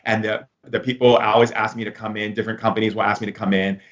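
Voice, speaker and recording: A man's voice: lowish voice, little pitch movement, fast, fairly bright tone, slight background noise. A man giving a casual spiritual lesson, rambling and full of filler words, recorded slightly muffled. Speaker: spiritual teacher.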